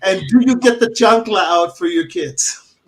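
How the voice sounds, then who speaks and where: A man's voice: high voice, normal speed, fairly bright tone. A man hosting a talk show, asking questions in a joking, teasing way. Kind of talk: casual interview chat.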